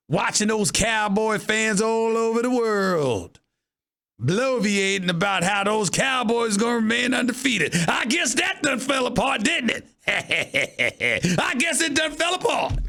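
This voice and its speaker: A man doing a teasing Southern cowboy caricature, drawling in a put-on Southern accent. The voice swings high and loud in a bright, forceful sing-song. It sounds like a boastful cowboy fan being mocked on the air. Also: full character voice. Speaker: host.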